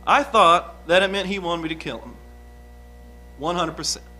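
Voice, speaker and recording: A man's voice: high voice, moderate pace, sharp tone, a little hiss or hum. A man playing a young, uneducated outlaw on the witness stand, talking in a folksy, rambling, hesitant way. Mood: guarded. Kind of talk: improvised courtroom drama.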